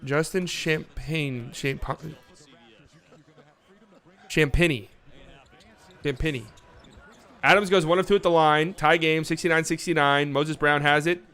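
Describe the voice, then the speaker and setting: A man hosting a live watch party stream, calling the game in casual play-by-play that swings between calm calls and excited, swearing outbursts. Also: on the high side, measured pace, long pauses, smooth.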